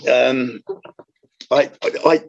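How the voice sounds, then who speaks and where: A man's voice: medium pitch, steady tone, very slow, creaky, highs cut off. A man, a comedian chatting in an interview, rambling with many restarts. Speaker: comedian guest. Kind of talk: casual interview chat.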